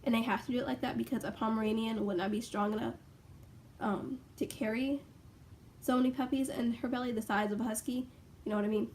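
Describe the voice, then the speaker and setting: A young woman rambling casually in a home vlog, full of fillers and excited asides. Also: a little high, quick pace, slight background noise. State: out of breath. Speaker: vlogger. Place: bedroom at home.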